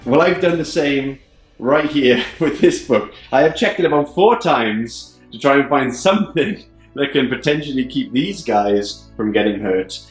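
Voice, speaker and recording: A man's voice: medium pitch, expressive, unhurried, faint music behind. A man hosting a tabletop battle report, chatting casually and laughing often. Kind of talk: casual game commentary. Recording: roomy studio echo.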